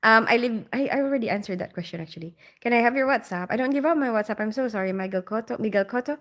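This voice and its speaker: A woman's voice: fairly high pitch, rapid-fire, fairly bright tone. A woman in her forties who grew up in the Philippines, hosting a casual livestream and chatting with viewers, often laughing. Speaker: livestream host. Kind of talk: casual livestream chat reading comments.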